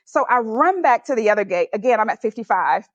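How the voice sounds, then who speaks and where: A woman's voice: a little high, expressive, a little fast, no echo. A woman guest on a podcast, animatedly telling a personal story and laughing often as she goes. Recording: slightly dull, dry recording.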